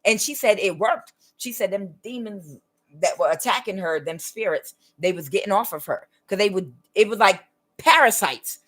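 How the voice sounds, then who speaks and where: A woman's voice: medium pitch, expressive, moderate pace, a bit bright. A woman hosting her own spiritual channel, talking earnestly and emphatically in a casual monologue. She keeps checking that the listener understands. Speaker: tarot reader and spiritual channel host.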